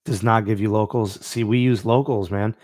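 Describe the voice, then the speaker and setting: A man's voice: lowish voice, steady tone, moderate pace, darkish tone, no room sound, clean studio sound. A man hosting a live-stream podcast in a laid-back way, reading out and answering the live chat with plenty of fillers. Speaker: podcast host.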